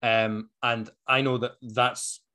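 A man's voice: mid-range voice, level tone, takes it slowly, bright, forceful tone. A man with a Dundee Scottish accent, co-hosting a podcast in casual chat, earnest and passionate, with frequent ums. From Dundee, Scotland. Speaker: podcast co-host.

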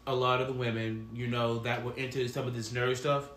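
A man's voice: mid-range voice, level tone, brisk, fairly bright tone, a little hiss or hum. A man in his forties hosting a podcast, chatting casually and rambling through stories, often laughing as he talks. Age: 40s. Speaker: podcast host. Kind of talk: casual chat. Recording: echoey room.

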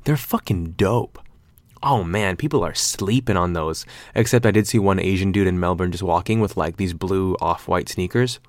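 A man's voice: low-pitched, normal speed, no room sound. A man in his twenties talking casually on his own, rambling with lots of fillers and loose slang. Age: 20s. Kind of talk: casual monologue.

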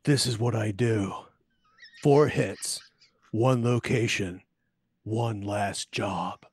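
A man doing a movie-star impression of a grim, weary male hitman, speaking in terse, clipped lines with a husky murmur. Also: on the low side, slow pace, dry recording, full character voice.

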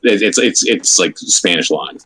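Low-voiced stammering man in podcast chat. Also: animated, a little slow, pushed and bright, breathy edge, no room sound, poor audio. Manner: stammering, repeats words, laughs often. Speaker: podcast co-host.

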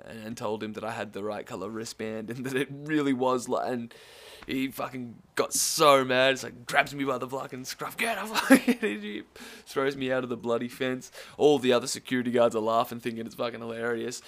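A man's voice: medium pitch, a bit bright. A young man with an Australian accent tells a rambling festival story in a casual way. He swears constantly and laughs as he goes. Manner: profane, rambling, laughs through his story. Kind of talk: casual anecdote.

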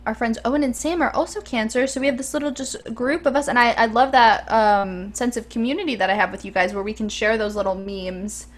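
Young woman, podcast co-host, chatty and upbeat, fairly high voice. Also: a little fast, few pauses. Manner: chatty, enthusiastic, frequent ums. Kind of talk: casual chat.

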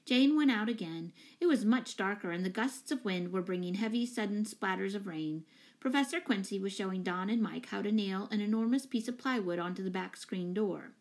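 Woman narrator, audiobook, steady expressive storytelling, middle pitch. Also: brisk.

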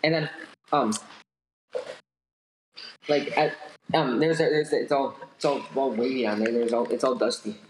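A man running a tabletop game as game master, narrating in a halting way full of ums and restarts. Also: medium pitch, steady tone. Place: echoey garage. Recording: echoey garage with background noise.

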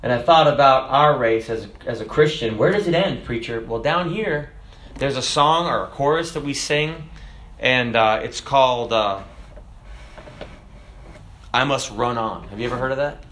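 Preacher, male, bright ringing voice, recites lyrics, builds to fervent shouts, echoey room. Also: mid-range voice, normal speed, a little hiss or hum. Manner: rises to shouting fervor, recites lyrics with rhythm. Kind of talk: sermon.

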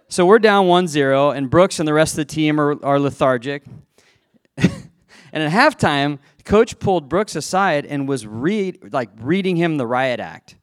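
A man's voice: fairly high pitch, no echo, studio quality. A man telling a self-deprecating personal story to a live audience, chatty, laughing at himself and restarting his sentences. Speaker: speaker addressing a live audience.

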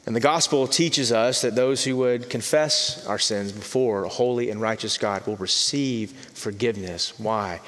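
A man preaching a sermon as pastor, earnest, repeating words and dropping softly for emphasis. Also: medium pitch. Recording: long reverb of a large hall.

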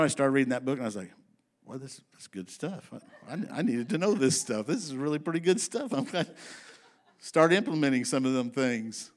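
A pastor with a mid-range voice preaches to his congregation in a folksy, emphatic, very animated style. He slows down when reading scripture and speeds up for asides.

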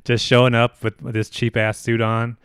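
A man's voice: medium pitch, completely flat delivery, normal speed, a bit bright, clear, resonant tone, dry recording. A man in casual chat, laid-back and musing, loose with his fillers.

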